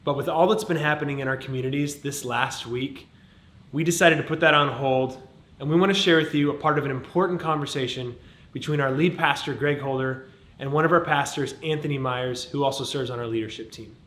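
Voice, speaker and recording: A man hosting a youth show, speaking in an upbeat, lively way. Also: mid-range voice, fairly quick, reverberant.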